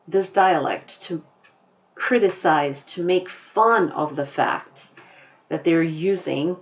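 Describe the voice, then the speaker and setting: A woman teacher giving a lecture on a poem, explaining slowly and rephrasing as she goes. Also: on the low side, lo-fi sound. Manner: slow, explanatory, repeats and rephrases.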